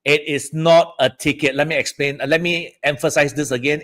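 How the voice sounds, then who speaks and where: A man's voice: fairly high pitch, steady tone, normal speed, fairly bright tone. A man from Southeast Asia hosting a live-streamed feng shui talk, chatty and often checking in with "all right" and "okay, guys".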